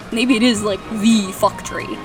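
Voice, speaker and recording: A woman's voice: a little high, wildly swooping pitch, slow pace. A young woman reading a fan story aloud and mocking it with sarcastic, swearing asides. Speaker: host reading fanfiction aloud. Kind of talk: comedic dramatic reading with commentary. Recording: distant mic, music behind.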